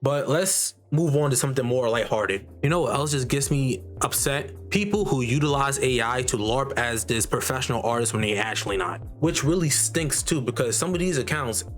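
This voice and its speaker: A man's voice: mid-range voice, animated, normal speed, few pauses. A man delivering a heated, profanity-filled rant to camera, swearing constantly and repeating himself. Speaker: artist and vlogger. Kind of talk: profane ranting monologue. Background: faint background music.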